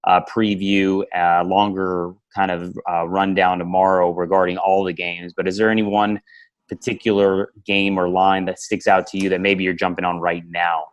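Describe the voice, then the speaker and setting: A man hosting a sports betting podcast, talking in a relaxed, conversational way with frequent fillers. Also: sits low, moderate pace, lo-fi sound. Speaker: podcast host. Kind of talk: casual sports betting chat.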